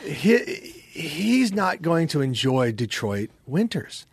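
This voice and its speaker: A man co-hosting a podcast, chatting casually and telling stories with animated, playful delivery. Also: a little high, slow, creaky, husky. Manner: animated storyteller, does silly voices. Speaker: podcast co-host. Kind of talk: casual chat.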